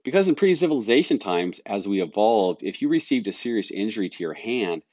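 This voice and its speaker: A middle-aged man hosting a solo podcast as a life coach, explaining calmly and earnestly with everyday examples. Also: fairly low pitch, fairly quick, no echo, lo-fi sound.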